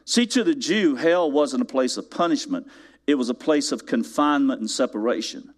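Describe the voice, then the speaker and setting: Speaking at a moderate pace in a medium-pitched voice, a male pastor preaches a sermon in church. His animated story builds steadily toward loud, emphatic peaks, punctuated by rhetorical questions to the congregation.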